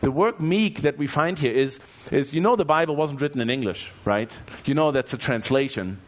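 A pastor with a German accent preaches to his congregation, his voice sitting a little high for a man. He talks in a lively way and keeps asking the room rhetorical questions. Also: moderate pace. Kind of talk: sermon. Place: church.

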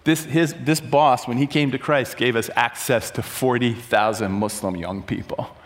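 A man preaching a sermon to a room, telling a story with animated, loud acted-out bursts. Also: mid-range voice, normal speed. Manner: animated, acts out quotes with sudden loud bursts. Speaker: pastor. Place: large room before an audience.

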